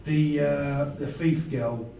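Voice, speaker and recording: A man's voice: on the high side, fairly even intonation, takes it slowly, gravelly, dark tone, slight background noise. A man playing a tabletop game, blunt and questioning. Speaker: player. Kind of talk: casual tabletop play. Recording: very roomy, distant mic.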